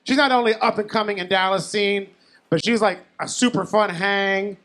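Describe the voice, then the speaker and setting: A young man with a notably high voice works a bar crowd through a handheld mic. His stand-up set is conversational and self-deprecating, and he keeps turning to the audience with questions. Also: normal speed, a bit bright. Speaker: stand-up comic. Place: comedy bar stage. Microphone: handheld stage mic.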